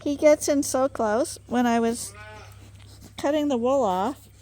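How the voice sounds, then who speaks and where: Slow-spoken woman farmer in a barn. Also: sits high, dark tone. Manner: cooing baby talk to the animals. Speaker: sheep farmer. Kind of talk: farm vlog narration. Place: barn on a sheep farm.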